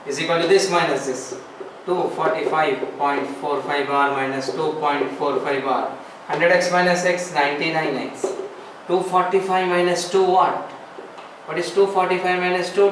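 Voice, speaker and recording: A man teaching a classroom math lesson, explaining step by step, repeating phrases and asking rhetorical questions. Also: on the high side. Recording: echoey room, far from the mic, faint noise.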